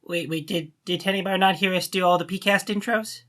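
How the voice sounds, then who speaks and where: A woman's voice: fairly low pitch, steady tone, a little fast, a bit bright. A woman casually chatting while playing a tabletop game.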